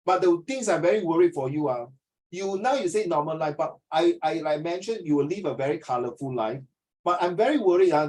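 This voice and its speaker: Middle-aged man, Singaporean accent, fairly high voice, earnest preachy teacher, video call class, drops in Mandarin phrases. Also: a little mellow, low-quality recording. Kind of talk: online class lecture.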